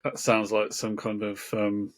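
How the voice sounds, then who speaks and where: A man chatting casually with a friend, mostly chiming in with short, dry one-liners. His voice sits a little low. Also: monotone, measured pace. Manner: dry, brief quips. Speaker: co-host. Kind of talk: casual chat.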